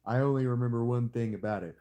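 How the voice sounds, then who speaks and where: A man streaming a strategy game, talking to himself in rambling, jokey commentary with sudden squeaky jumps and a hammed-up hick drawl. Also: darkish tone. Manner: playfully hamming a hick drawl. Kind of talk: casual live-stream commentary.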